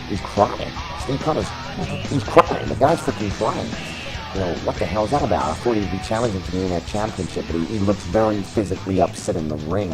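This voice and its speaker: A man calling a wrestling match as play-by-play commentator, shouting names over and over in bursts of excitement. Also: deep voice, rough recording.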